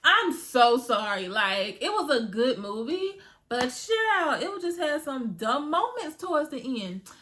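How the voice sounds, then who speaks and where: A woman giving a casual spoken movie review to her viewers, retelling scenes in an animated way with frequent asides. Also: sits high, a little slow, slight background noise.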